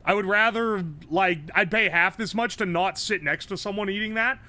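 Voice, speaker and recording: Sharp-voiced, high, lively male streamer. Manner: blunt, profane, quick reactions. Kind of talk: live-stream gameplay commentary.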